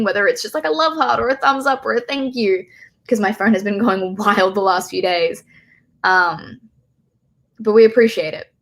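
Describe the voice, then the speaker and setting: Emotional woman, rambling livestream chat. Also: mid-range voice. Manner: emotional, swearing, rambling with laughs. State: choked up. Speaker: filmmaker hosting a livestream.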